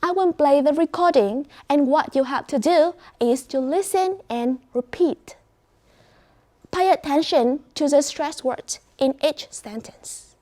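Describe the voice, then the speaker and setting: Slow high-voiced woman teaching class. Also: warm tone. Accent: Vietnamese. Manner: slow, clear teacher talk to a class, praising and prompting students. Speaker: English teacher.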